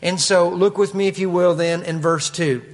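A man's voice: high voice, steady tone, moderate pace, big-room sound, soft background music. A man with a Kentucky accent preaching a conversational expository sermon, with asides and frequent fillers. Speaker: pastor.

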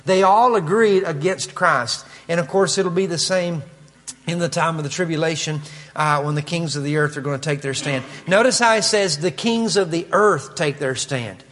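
High-voiced Kentucky preacher in a hall. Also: male voice, normal speed, fairly bright tone. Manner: conversational, with asides and frequent "uh". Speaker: pastor. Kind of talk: expository sermon.

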